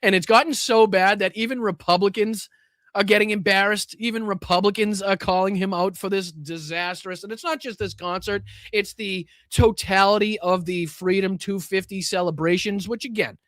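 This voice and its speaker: Profane, high-voiced New man ranting. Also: fairly even intonation, normal speed, fairly bright tone, no echo, studio quality. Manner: profane, sarcastic, laughing, rambling with restarts. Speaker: host of a political commentary stream. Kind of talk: live political rant.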